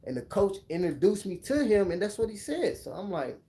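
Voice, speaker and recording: A man's voice: sits high, sing-song, a little fast, dark tone. A man casually telling a personal story on his channel, laid-back and full of slang. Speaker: vlogger.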